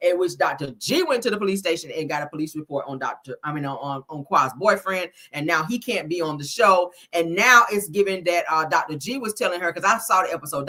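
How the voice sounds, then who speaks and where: A woman hosting a reality-TV gossip channel, telling the story in a sassy, profane, animated way. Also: low voice. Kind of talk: casual reality-TV gossip commentary.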